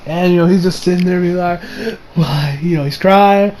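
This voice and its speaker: Excitable high-voiced young man, swearing freely. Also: fairly quick. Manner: excitable, swears often, many fillers and restarts. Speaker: anime reviewer. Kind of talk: casual episode review.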